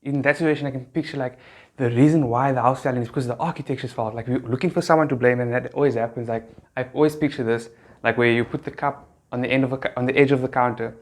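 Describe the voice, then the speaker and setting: A man's voice: medium pitch, fairly even intonation, fast talker. Laid-back young man, chatty youth speaker. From South Africa. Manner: laid-back and chatty, full of slang and fillers. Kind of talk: casual devotional talk to camera.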